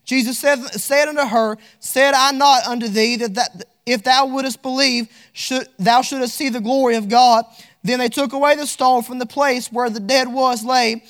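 A man's voice: extremely high pitch, steady tone, moderate pace, fairly bright tone. A man. He is fervent and repetitive, drifting into a sing-song cadence as he reads scripture aloud. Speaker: preacher. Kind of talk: sermon.

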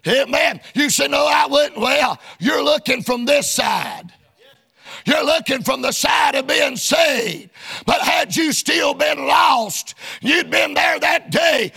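High-pitched, gravelly, fervent shouting preacher. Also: male voice. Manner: fervent, chanting preaching cadence with frequent "uh"s. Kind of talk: shouted sermon.

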